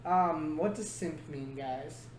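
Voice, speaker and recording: Speaking slowly in a fairly high voice, a podcast host rambles through a casual chat, laughing and joking frequently. The sound is echoey with faint background noise.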